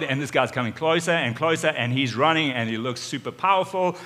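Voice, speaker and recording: A man preaching, retelling a story in the first person in an animated way, with sudden swings in loudness. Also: medium pitch, fairly quick, few pauses. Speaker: pastor. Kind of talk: storytelling sermon. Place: church auditorium.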